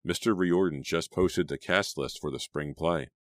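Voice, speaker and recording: A man's voice: deep voice, moderate pace, no room sound, clean studio sound, lightly acted. A man voicing a moody, resentful teenage boy in an audiobook, in a muttering, sullen manner. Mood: bitter.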